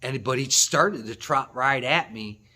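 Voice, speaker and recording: Speaking to the camera at an unhurried pace, this hunting-channel host spins a rambling, excited tale full of laughter and false starts. His pitch is medium.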